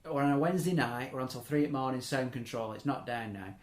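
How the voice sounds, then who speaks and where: A young man spins a long anecdote in easy podcast chat. His pitch sits mid-range, and he keeps cutting himself off to add little asides. The room has a noticeable echo. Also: quick pace. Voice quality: rambling, self-interrupting, chuckling asides. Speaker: podcast host. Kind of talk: casual storytelling chat. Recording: echoey room.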